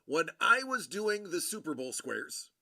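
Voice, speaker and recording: A man hosting a livestream, chatting casually with viewers in a rambling, friendly way full of fillers and shout-outs. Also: fairly high pitch, big pitch swings, unhurried, vocal fry. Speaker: livestream host.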